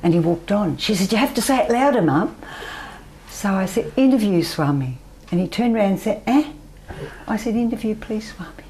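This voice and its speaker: An older Australian woman telling her personal story as an interview guest, soft-spoken and often trailing off into near-whispers. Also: mid-range voice, lively intonation, fairly quick, low-quality recording. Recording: faint background noise.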